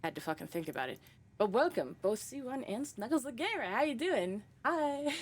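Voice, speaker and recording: A woman's voice: fairly high pitch, very animated, normal speed, husky. A young woman streaming a horror game, chatting casually with viewers, laughing often and swearing freely. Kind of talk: casual live-stream chat.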